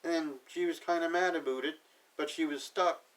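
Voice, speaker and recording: A man with a slightly high voice runs through an episode recap, dry and sarcastic, tossing off loose paraphrases of what everyone says. He sounds set back from the microphone, so the voice carries a little distance. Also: steady tone, moderate pace. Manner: sarcastic, paraphrases characters offhandedly. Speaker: TV episode reviewer.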